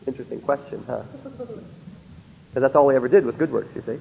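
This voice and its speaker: A man with a gravelly, somewhat high voice delivers a Bible lecture, often pausing to ask rhetorical questions. The recording is dull and lo-fi, with a long hall reverb and a faint hum of ambience behind him. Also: mellow. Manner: keeps checking in with rhetorical questions. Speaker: Bible teacher.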